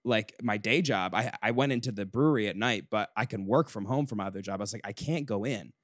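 A man's voice: lowish voice, fast, dry recording, clean studio sound. A young man hosting a podcast, telling a long story in a casual chat with lots of swearing and restarts. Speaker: podcast host.

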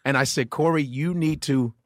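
A man guest on a podcast, a comedian telling profane, animated stories in casual chat and putting on voices of the people in them. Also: fairly high pitch, normal speed, dry recording, clean studio sound.

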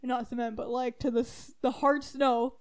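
A high-voiced young woman tells a story to a friend in an animated, giggly way. She fills her speech with "like" and squeals up high at the funny parts. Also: normal speed, clean tone. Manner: animated, laughing, squeals when excited, many "like"s. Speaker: storyteller co-host. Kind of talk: casual storytelling chat.

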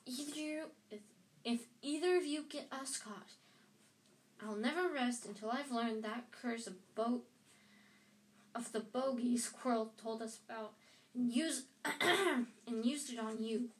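A hot-tempered schoolboy, played by a woman reading a storybook, who snaps back bluntly. His voice blusters with quick anger. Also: a little high, close to an everyday voice. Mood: furious.

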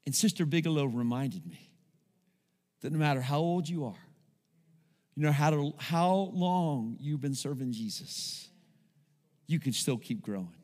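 A man's voice: fairly high pitch, expressive, measured pace, long pauses, a little mellow, long reverb tail. A male pastor preaching a sermon to his congregation, calling out to them and asking for responses as he goes. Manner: preaching with call-outs to the congregation. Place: church sanctuary.

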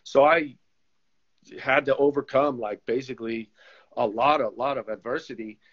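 Man, former pro goalkeeper and coach, animated storyteller; mid-pitched voice, slightly muffled recording. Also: moderate pace. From United States. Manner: animated storyteller who acts out quoted voices. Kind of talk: casual storytelling interview. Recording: slightly dull lo-fi sound.

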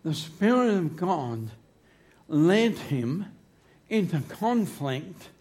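A man's voice: a little high, big pitch swings, extremely slow, darkish tone. A man preaching a sermon in church into a microphone, emphatic and humorous, drawing his phrases out. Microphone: handheld microphone.

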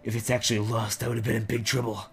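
A man's voice: mid-range voice, level tone, quick pace, gravelly, husky. A man voicing a grateful, flustered middle-aged man who insists on paying a reward. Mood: insistent.

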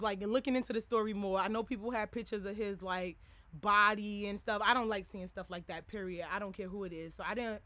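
A young woman hosts her podcast in a loose, rambling way, leaning on filler words as she speaks candidly to listeners. Her voice is bright and forward, at a middle pitch, and it sounds dry and close with no room around it. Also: no echo. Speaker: podcast host. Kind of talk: candid personal talk to listeners.

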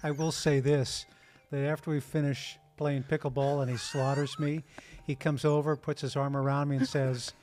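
A man's voice: fairly high pitch, flat delivery, normal speed, darkish tone. A man making wry jokes in casual chat. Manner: wry, joking.

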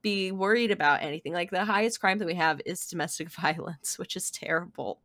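Bright chatty young woman. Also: fairly low pitch, a little fast, no room sound, clean studio sound. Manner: chatty, laughs often, acts out quotes. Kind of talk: casual chat.

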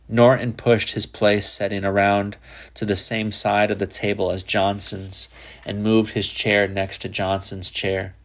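A man reading a literary short story aloud, his voice on the low side. He goes very slowly and keeps an even, measured tone. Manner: measured, unhurried. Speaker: narrator.

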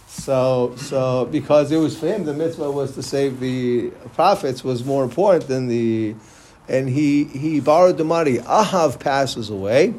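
A man's voice: mid-range voice, darkish tone, slight background noise. A man giving a Torah class, casually retelling religious stories and mixing in Hebrew terms as he goes. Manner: loose storytelling with Hebrew terms and restarts. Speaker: Torah teacher.

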